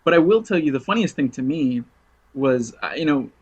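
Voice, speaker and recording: A man's voice: fairly high pitch, fairly quick, breathy edge, lo-fi sound. A man chatting casually as a podcast guest, telling rambling stories, laughing often and acting out what people said. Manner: rambling storyteller, laughs often, lively retold quotes. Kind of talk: casual chat.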